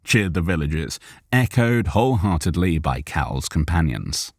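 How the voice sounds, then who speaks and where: A man's voice: rumbling low, sing-song, measured pace, breathy edge, no room sound. A man narrating an audiobook live on a studio microphone, reading aloud and stopping to correct himself.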